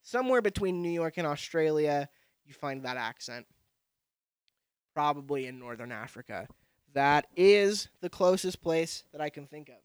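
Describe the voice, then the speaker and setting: Young guy podcast host ranting, high bright voice, crude and brash, dry close sound. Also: expressive, moderate pace, smooth, dry recording. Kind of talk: profane casual monologue.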